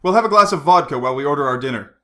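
A man reading aloud, voicing a suave secret agent who speaks in a crisp, assured way. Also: fairly high pitch, expressive, racing, pushed and bright. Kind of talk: audiobook character reading.

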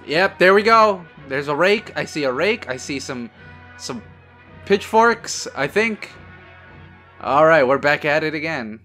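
A man's voice: on the high side, expressive, measured pace, sharp tone, soft background music. A man hosting a casual movie watch-along, joking sarcastically at the screen and swearing freely. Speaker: host.

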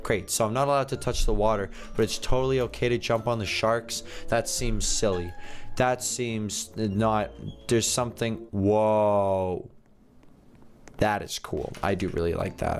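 A man giving casual, jokey commentary as he plays a video game, often thinking aloud and confused. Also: medium pitch. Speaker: gaming YouTuber.

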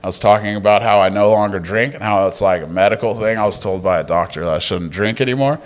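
A man's voice: fairly low pitch, fast talker. A man, a stand-up comedian telling wry stories and crude jokes in casual podcast chat.

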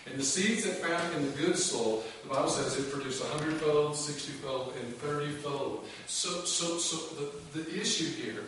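A man's voice: a little high, moderate pace, few pauses, fairly bright tone. Male pastor, conversational sermon, quizzes the flock; distant mic, room hiss behind. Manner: conversational storytelling, asks the congregation questions. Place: church sanctuary. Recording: echoey church room, voice from off mic.

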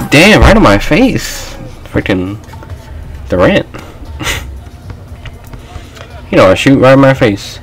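Excitable young man yelling over gameplay. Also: lowish voice, low-quality recording. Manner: excitable, trash-talking, yelling at teammates. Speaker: gaming channel host. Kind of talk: live gameplay commentary.

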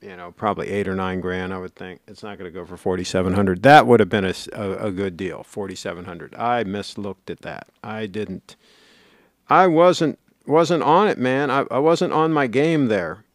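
A middle-aged man with a lowish voice hosts a casual livestream at a moderate pace, reading viewer comments aloud and rambling on chattily while correcting himself. The sound is studio quality with no echo.

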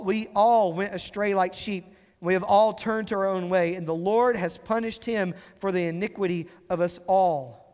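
A man preaching a sermon as pastor, explaining scripture and slowing down to stress key phrases. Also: high-pitched, darkish tone, big-room sound. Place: church sanctuary.

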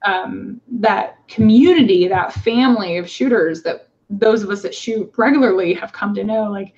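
A woman telling a personal story in casual conversation, halting with fillers and acting out the voices of people she quotes. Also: medium pitch, darkish tone. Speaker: guest. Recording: dull lo-fi sound.

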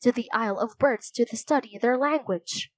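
A woman's voice: fairly high pitch, moderate pace, natural voice. A woman voicing a confident, cheerful young man who speaks in a polite, old-fashioned way in a storybook reading.

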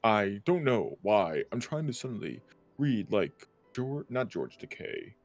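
A man's voice: lowish voice, very animated, unhurried, no room sound. A man streaming a video game with a friend, joking around and reading the characters' lines aloud in silly voices. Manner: jokey, reads lines in silly put-on voices. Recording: music from the game underneath.

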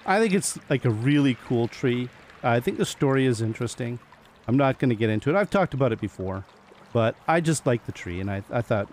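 A man's voice: medium pitch, darkish tone, a little hiss or hum. A man giving casual gameplay commentary, chatting to the animals he meets and laughing often as he plays. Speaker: gaming video host.

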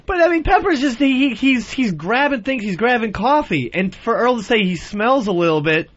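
A man's voice: extremely high pitch, animated, moderate pace, fairly bright tone, lo-fi sound. A man co-hosting a radio talk show, teasing and stammering with mock indignation. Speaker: radio co-host. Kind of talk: crude radio banter. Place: radio studio.

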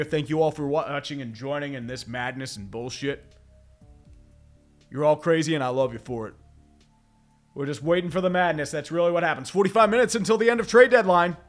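Chatty man with stuffy nose. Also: on the high side. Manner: rambling, chatty, swears, laughs. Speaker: livestream host reading chat. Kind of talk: casual live commentary.

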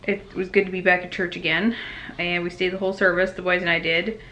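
A woman in her thirties chatting casually to the camera in a family vlog, easygoing with soft laughs. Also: on the low side, flat delivery, fast, slight background noise, rough recording. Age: 30s. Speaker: family vlogger.

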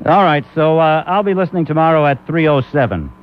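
A man's voice: a little high, animated, a little fast. A man hosting a comic talk radio show, rambling and laughing often. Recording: muffled old AM radio recording.

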